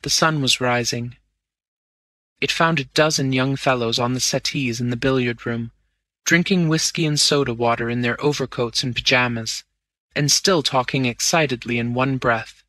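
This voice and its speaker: Bright-voiced male audiobook narrator. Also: mid-range voice, dry recording. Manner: measured, steady storytelling. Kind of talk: scripted first-person narration.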